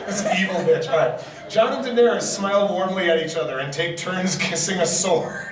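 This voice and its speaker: A man's voice: sits high, a little fast, a loud crowd. A man hosting a live comedy panel, reading bad fan fiction aloud with dry, wry asides and frequent laughs. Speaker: convention panel host. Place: convention panel room with audience. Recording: distant mic, echoey convention hall, audience.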